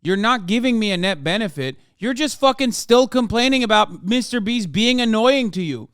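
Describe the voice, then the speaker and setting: Male streamer in his thirties, fairly high voice, smooth and dry; heated, profane reaction rant. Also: animated, normal speed, few pauses, fairly bright tone, no echo.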